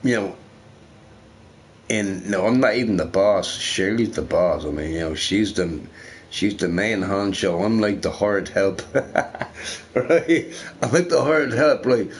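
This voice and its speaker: A young man rambling casually while streaming a game, swearing freely and telling stories in an animated way. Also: lowish voice, slight background noise. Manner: profane, rambling, animated storytelling. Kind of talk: casual rambling chat over gameplay.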